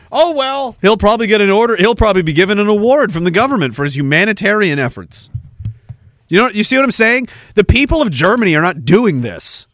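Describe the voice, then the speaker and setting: A man's voice: high voice, a bit bright, dry recording, clean studio sound. A man hosting a podcast, ranting in a heated, sarcastic, profane way and laughing often. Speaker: podcast host.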